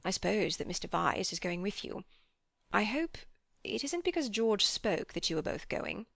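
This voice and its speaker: A woman reading an audiobook, voicing a kindly old widowed man who speaks slowly, mildly and earnestly. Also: medium pitch, big pitch swings, vocal fry, fairly bright tone, no room sound, studio quality, exaggerated voice. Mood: gentle.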